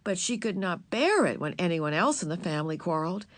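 A woman narrating a children's book, telling the story in a gentle, measured, expressive way. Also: fairly low pitch, no echo. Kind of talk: children's audiobook reading.

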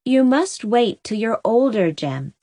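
A woman voicing a gentle, patient mother who speaks soothingly. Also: on the high side, sing-song, a little slow, no echo, clean studio sound, voice pushed up.

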